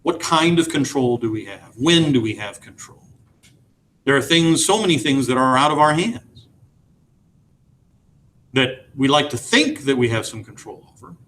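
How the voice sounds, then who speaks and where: A man's voice: mid-range voice, animated, moderate pace, long pauses, a bit bright. A man teaching an English class, reading a novel aloud and asking his students questions. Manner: reads dialogue with shifting voices, asks the class questions. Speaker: high school English teacher.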